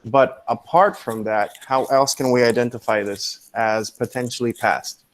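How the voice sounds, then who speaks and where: A man's voice: mid-range voice, fairly even intonation, measured pace. Patient male teacher on a video call. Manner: patient, explanatory, keeps checking with "okay?". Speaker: English teacher. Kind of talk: online class lecture. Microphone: computer mic on a video call.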